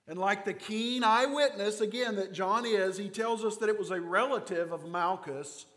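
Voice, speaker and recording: Male pastor, Kentucky mountain accent, slightly higher voice, animated sermon, long hall reverb. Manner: animated storytelling, acts out quoted voices.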